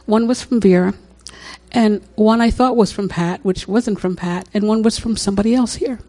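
A woman's voice: medium pitch, normal speed, warm tone. An older woman telling a personal story in a chatty way, often laughing and repeating herself. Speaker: speaker sharing a testimony. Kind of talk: personal story, casual testimony.

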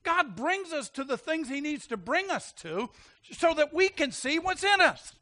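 A male pastor preaching with a high, bright voice that leaps up and down in pitch. He is animated and laughs easily, and he keeps turning to the congregation with questions. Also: measured pace. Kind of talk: sermon.

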